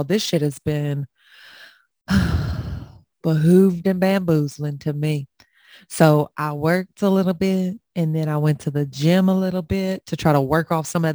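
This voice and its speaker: A woman's voice: deep voice, a little mellow, no echo, clean studio sound. A young woman co-hosting a podcast, trading sassy, profane banter in a casual chat. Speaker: podcast co-host.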